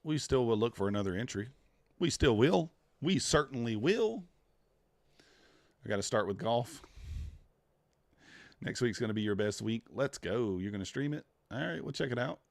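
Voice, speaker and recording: A man's voice: mid-range voice, expressive, normal speed, creaky, pauses often, dry recording. A man trading futures live on a stream, talking to himself and to the chat, groaning at each loss and muttering over the charts. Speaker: live-streaming day trader.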